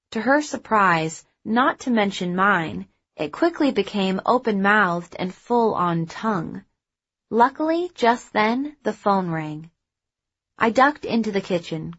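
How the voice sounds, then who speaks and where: Slow-reading woman audiobook narrator. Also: medium pitch, a bit bright, dull audio. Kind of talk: first-person novel narration.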